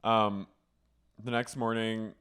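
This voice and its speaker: A man co-hosting a podcast, chatting casually about a reality show and mimicking the cast in high voices. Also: little pitch movement, slow pace, fairly bright tone, clear, resonant tone. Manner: acts out quotes in shrill high voices, laughs often. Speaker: podcast co-host. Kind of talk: casual chat recapping reality TV.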